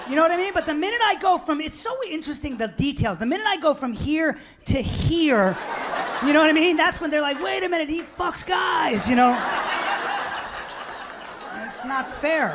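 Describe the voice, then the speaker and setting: A man performs stand-up in a meandering, conversational way. Steady background hiss from the live club runs under his voice. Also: very high-pitched. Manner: rambling, conversational delivery. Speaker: stand-up comedian. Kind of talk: stand-up set. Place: comedy club stage.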